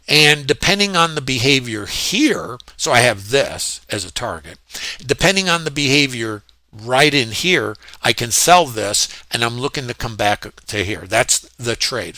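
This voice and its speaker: Man as trading educator, bright voice, dry close mic, thinking aloud with restarts. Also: medium pitch, dry recording. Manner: reflective, stresses points, many fillers and restarts. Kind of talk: screen-share trading walkthrough.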